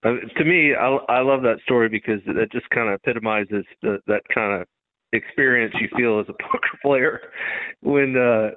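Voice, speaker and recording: A man hosting a podcast, asking relaxed questions with some fillers. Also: medium pitch, moderate pace. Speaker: podcast host. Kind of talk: casual interview. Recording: tinny phone-like sound.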